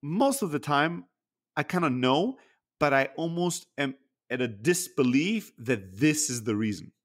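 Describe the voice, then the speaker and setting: A man's voice: fairly high pitch, big pitch swings, a little slow. A man co-hosting a podcast, talking candidly and introspectively in casual chat, swearing freely. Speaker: podcast co-host.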